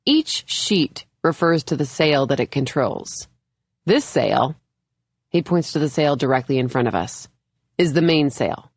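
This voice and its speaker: A woman reads a first-person thriller aloud at a slow, measured pace. Her voice sits low, and the close recording is dry, with no room around it. She lifts her tone a little for the characters' lines. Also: lively intonation, husky, no echo. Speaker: audiobook narrator. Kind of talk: scripted narration.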